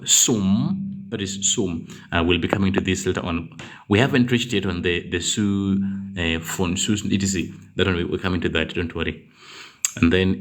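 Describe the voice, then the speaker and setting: A man's voice: low-pitched, normal speed, a bit bright. A man tutoring a live German grammar class, patiently reading out students' example sentences and correcting them.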